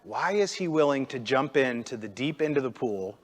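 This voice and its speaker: A man in his thirties preaching a sermon, telling a story with lively energy and acting out the quotes. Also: medium pitch, normal speed. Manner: animated storytelling, acts out quotes with rising energy. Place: church sanctuary. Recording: long church hall reverb.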